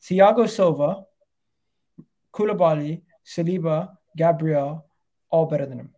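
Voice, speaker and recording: A young man hosting a casual football chat, chatty and quick to laugh. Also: on the high side, mellow. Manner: chatty, laughs easily, breaks into impressions. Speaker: football channel host.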